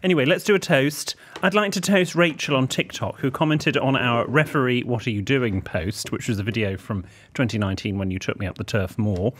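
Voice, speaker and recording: A man's voice: medium pitch, a little fast, hardly any pauses, a bit bright. A man co-hosting a casual podcast, teasing and playful with his partner. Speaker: podcast co-host. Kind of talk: casual chat.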